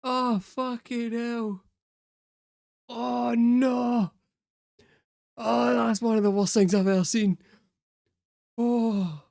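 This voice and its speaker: A woman's voice: fairly high pitch, fairly even intonation, drawn-out words, gravelly, long pauses, darkish tone, dry recording, studio quality. Swearing, laughing woman reacting on camera. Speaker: reaction video host. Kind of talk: casual reaction commentary.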